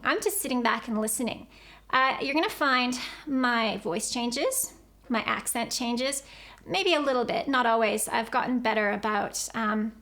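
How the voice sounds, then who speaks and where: A woman's voice: on the high side, gravelly, a bit bright. Earnest woman explaining spiritual channeling. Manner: earnest, repetitive, explaining step by step. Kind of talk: explanatory spiritual teaching video.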